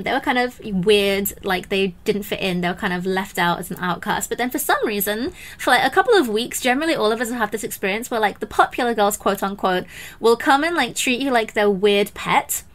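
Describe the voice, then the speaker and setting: A woman hosting a podcast, chatting casually and animatedly, often mimicking others. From English-speaking country. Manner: animated, quick to mimic others in high voices. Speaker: podcast host.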